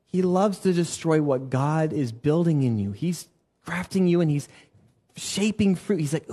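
A man's voice: a little high, a little slow, slightly rough. A man preaching a conversational sermon as a worship pastor, telling stories and acting out the voices of the people he quotes. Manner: animated storytelling, acts out quoted voices. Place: church sanctuary.

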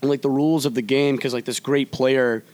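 A man chatting casually with friends, excitable and profane, peppering his talk with dude. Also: mid-range voice, normal speed. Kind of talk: casual chat.

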